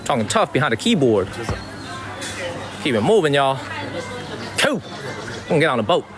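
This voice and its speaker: A man's voice: medium pitch, very animated, moderate pace, over music, crowd noise. A man from Chicago with a Chicago accent, hosting a casual livestream outdoors, talking emphatically, repeating himself and thanking viewers by name. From Chicago, USA. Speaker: livestream host. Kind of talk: casual live-stream talk to chat. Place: outdoors in a Chinese water town.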